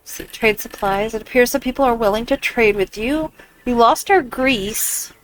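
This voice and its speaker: A woman's voice: fairly high pitch, moderate pace, slight background noise, rough recording. A woman giving casual commentary while playing a video game, exclaiming often and reading on-screen text aloud. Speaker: gamer.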